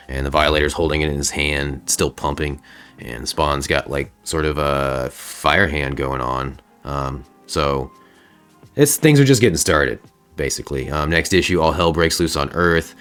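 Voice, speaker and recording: A man with an extremely deep, smooth voice hosts a casual comic book recap. He talks in a laid-back, slangy way with plenty of fillers, and faint music plays underneath. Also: a bit bright. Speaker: host.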